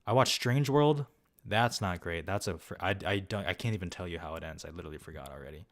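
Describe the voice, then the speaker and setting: A young man with a somewhat low voice talks through films for his viewers. He rambles loosely, leans on filler words and swears freely, all in casual, offhand chat. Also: steady tone, fast, a bit bright. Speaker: film vlogger. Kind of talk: casual talk reviewing films and answering viewers.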